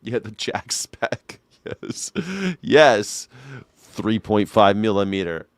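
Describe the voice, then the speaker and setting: A man's voice: fairly low pitch, slow, no echo. Mock-outraged man ranting. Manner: mock-outraged, sarcastic, swearing. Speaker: commentator. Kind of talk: comedic rant reacting to a news clip. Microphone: studio mic through a mixer.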